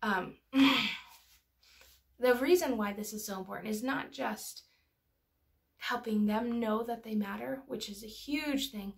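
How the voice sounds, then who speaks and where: A woman's voice: a little high, slow, vocal fry, pauses often. A young adult woman and parenting educator giving an earnest, personal explanatory talk that is full of anecdotes.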